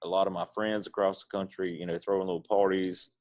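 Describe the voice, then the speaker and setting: This time the middle-aged pitmaster talks fast, his low voice a little mellow and showing little pitch movement. As a guest in a casual interview, he drawls out stories in a relaxed manner with an Eastern North Carolina accent.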